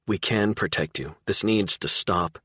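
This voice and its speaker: A man voicing a tough, no-nonsense woman police detective who speaks firmly and briskly in an audiobook. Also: sits low, sharp tone, husky, dry recording, clean studio sound, voice pushed up, exaggerated voice. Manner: firm, brisk.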